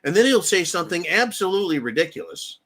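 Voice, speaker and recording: An American man hosts a live talk stream, with a voice pitched a little above the usual male range. He talks bluntly, swears freely and keeps checking in with "right?". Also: very animated, fast, a bit bright. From United States. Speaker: livestream host. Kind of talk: casual political commentary.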